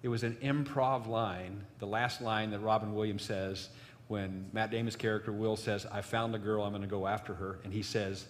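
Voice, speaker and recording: Low-voiced man preaching in a reverberant hall. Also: steady tone, moderate pace, slight background noise. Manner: rambling storytelling with many fillers. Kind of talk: sermon.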